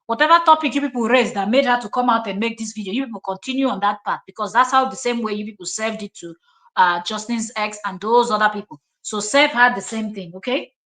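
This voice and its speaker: A woman's voice: on the high side, quick pace, fairly bright tone. A woman with a Nigerian accent hosting a live stream, reacting to clips in an emphatic, scolding, repetitive way.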